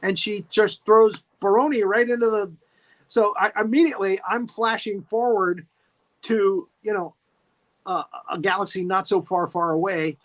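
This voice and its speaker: A man co-hosting a podcast, recapping a monster movie in a lively way, laughing often and acting out the scenes. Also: high-pitched, moderate pace. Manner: animated, laughing, acts out scenes. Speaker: podcast co-host.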